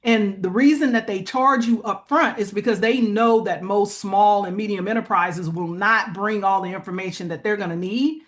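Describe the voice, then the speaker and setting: A woman's voice: medium pitch, normal speed, hardly any pauses. A woman as an interview guest, explaining business funding plainly and checking in with "right?". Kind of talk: conversational interview.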